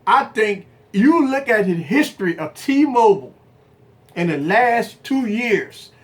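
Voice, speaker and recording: A man's voice: high voice, very animated, slow pace, a bit bright. A man hosting a tech livestream, giving his opinions emphatically, repeating phrases and asking rhetorical questions straight to his viewers. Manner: talks straight to viewers as "guys". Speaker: tech channel host and business owner.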